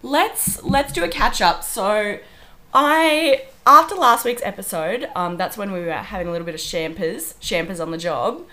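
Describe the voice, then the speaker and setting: A woman's voice: mid-range voice, expressive, moderate pace, bright, forceful tone. Sick young woman chatting, wheezy. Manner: chatty, giggly storytelling. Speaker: podcast co-host. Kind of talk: casual chat.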